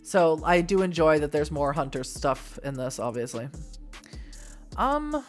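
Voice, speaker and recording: A woman's voice: on the low side, big pitch swings, a little slow, long pauses, soft background music. A woman reading an interactive novel aloud and breaking off for chatty asides, laughing and apologizing when she trips over names. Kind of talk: reading game text aloud with casual asides.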